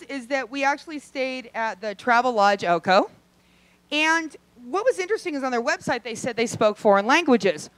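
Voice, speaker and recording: Female stand-up comic, profane and brash, with loud outbursts; animated, higher-pitched delivery. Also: no echo. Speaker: stand-up comedian. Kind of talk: stand-up comedy set. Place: comedy club stage.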